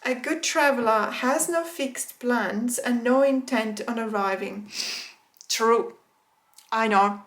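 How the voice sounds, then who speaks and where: A woman with a fairly high voice chats through a tarot deck unboxing for her viewers. She is excitable and talkative and breaks into laughter often. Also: slow. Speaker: tarot vlogger. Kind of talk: casual unboxing chat.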